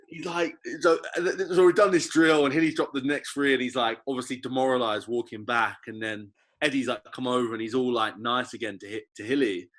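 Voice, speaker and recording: A man's voice: mid-range voice, normal speed, few pauses. A young English man, a rugby player, chatting casually as a podcast guest and telling stories with frequent restarts. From England. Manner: relaxed, storytelling, frequent restarts.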